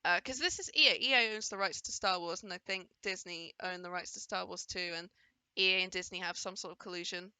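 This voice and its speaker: A woman's voice: fairly low pitch, fairly quick, sharp tone, clean tone, no room sound. A woman giving casual, enthusiastic commentary over a game trailer, now and then playfully voicing the characters she sees. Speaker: gaming video creator reacting to a trailer.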